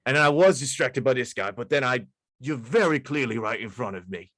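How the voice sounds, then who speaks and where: A man's voice: medium pitch, animated, fairly quick, fairly bright tone, dry recording, lightly acted. A man voicing a chatty, candid little goblin criminal who talks matter-of-factly. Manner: conversational, matter-of-fact.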